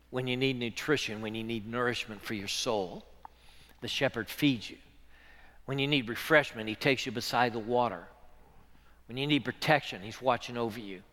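A man preaching a sermon as pastor, earnest, moving between hushed passages and loud, swelling ones. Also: medium pitch, long reverb tail.

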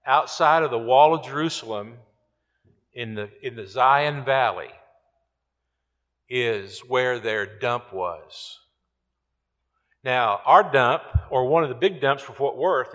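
Man, pastor preaching, slow deliberate pace, repeats words for emphasis, reverberant sanctuary. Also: mid-range voice, fairly bright tone. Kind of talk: sermon. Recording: long hall reverb.

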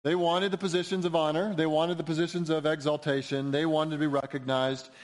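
Man, pastor, sermon, emphatic delivery, slightly high-pitched voice. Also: little pitch movement, a little fast. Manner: emphatic, rising to near-shouts when quoting cries. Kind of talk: expository sermon.

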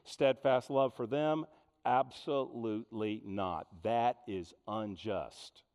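A man preaching a sermon in an animated way, full of rhetorical questions. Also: medium pitch, takes it slowly, big-room sound. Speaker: pastor.

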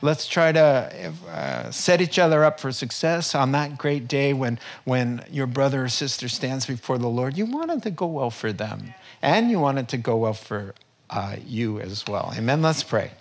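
Male preacher, mid-pitched, chatty sermon delivery with lively asides, speaking from a church platform. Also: normal speed. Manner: conversational, animated storytelling with asides. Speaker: pastor.

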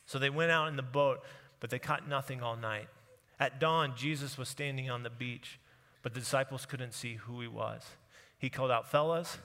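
A man preaching a sermon, telling the story with lively, casual voices for the people in it. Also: fairly high pitch. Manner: animated storytelling, acting out quotes in casual voices. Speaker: pastor. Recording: long hall reverb.

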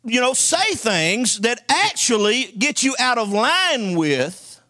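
A man's voice: very high voice, big pitch swings, slow pace, sharp tone, dry recording, studio quality. A man preaching a sermon, telling folksy stories and calling for amens from the congregation. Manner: call-and-response preaching, folksy storytelling.

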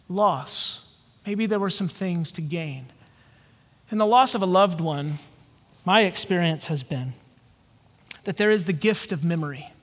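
A man from the American South preaching a sermon, earnest and reflective, with slow pauses. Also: sits high. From Georgia, USA. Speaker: pastor. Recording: long hall reverb.

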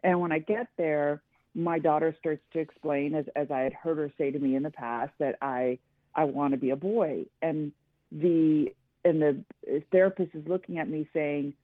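A woman's voice: deep voice, fairly even intonation, brisk, no room sound. A middle-aged woman, a guest columnist, telling her story earnestly and emphatically in a radio interview. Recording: tinny dry phone line.

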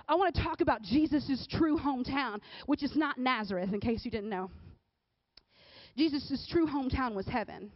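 A woman giving a casual, conversational sermon, often checking in with the crowd with a quick "right?". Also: high voice, no echo. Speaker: speaker at a church or youth service. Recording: dull, dry recording.

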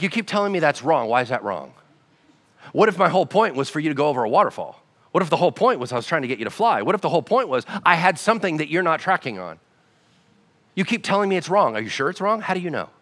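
Energetic male pastor, bright voice with a wide range, conversational sermon, long church-hall reverb. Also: on the high side, fast talker. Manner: animated, conversational preaching with acted-out dialogue.

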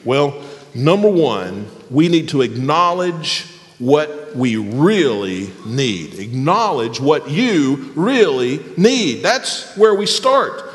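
A man preaching a sermon as pastor, emphatic and animated, with pauses for effect. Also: fairly high pitch, long reverb tail.

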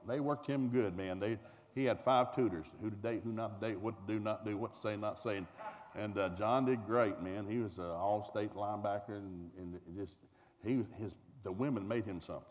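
A middle-aged man with a Southern US accent telling a comic family story to a live audience in a folksy, animated way. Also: brisk. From American South. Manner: folksy, animated, acts out voices, climbs high when excited. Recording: reverberant hall with faint noise.

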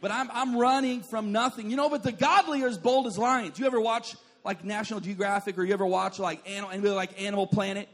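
High-voiced joking male preacher. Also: fairly even intonation, quick pace, hardly any pauses, fairly bright tone. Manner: joking, storytelling with asides to the congregation; says "like" often and calls for responses. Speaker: pastor. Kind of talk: sermon.

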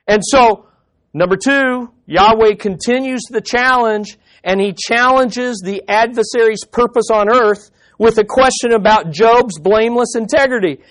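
Pastor, male, high voice, delivers an emphatic sermon full of rhetorical questions. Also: a little slow, a bit bright.

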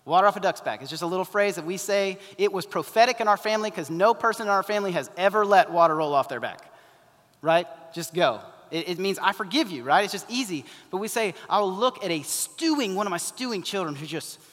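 A man's voice: high voice, animated, fairly quick, fairly bright tone. A man in his thirties preaching a sermon in a conversational way, often slipping into quoted voices. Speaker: pastor. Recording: long hall reverb.

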